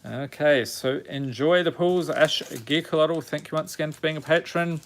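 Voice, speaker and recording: On a live stream, a man with a fairly high-pitched voice reads card names aloud one at a time at a moderate pace. He keeps the chat casual and jokes with his viewers.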